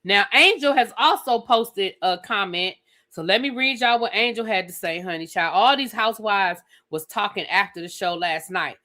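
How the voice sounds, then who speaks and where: A woman's voice: mid-range voice, animated, normal speed, bright, forceful tone. A woman hosting a live reality TV review stream, chatty and sassy, talking straight to her viewers. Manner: chatty, sassy, addresses viewers as girl and y'all.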